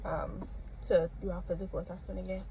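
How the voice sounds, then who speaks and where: A woman's voice: lowish voice, level tone, a little fast, vocal fry, dark tone, a little hiss or hum, poor audio. A young woman nursing student, rambling casually to camera with lots of fillers and restarts. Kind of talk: casual vlog talk.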